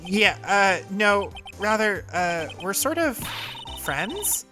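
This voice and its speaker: A woman's voice: mid-range voice, very animated, slow pace, pushed and bright, soft background music, pitched above the performer's own voice, exaggerated voice. A woman voicing a nervous young male lawyer who hesitates and stammers. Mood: flustered.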